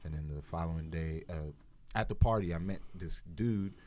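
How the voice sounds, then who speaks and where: On a podcast, a Brooklyn, New York man in his forties, one of the cast, spins a meandering tale in casual conversation, imitating the voices of those he quotes. His voice is low and darkish, and he speaks at a moderate pace.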